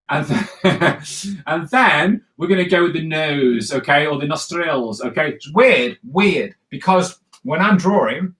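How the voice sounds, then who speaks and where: A man's voice: mid-range voice, fairly bright tone. A man leading a casual live drawing tutorial, rambling and chatty with many fillers and restarts. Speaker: cartoonist teaching drawing.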